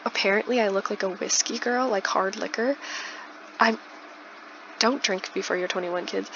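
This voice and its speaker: A woman's voice: mid-range voice, steady tone, moderate pace. A young woman in her twenties telling a casual storytime while doing a building game, chatty with lots of likes and restarts. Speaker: YouTuber. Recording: dull lo-fi, faint noise.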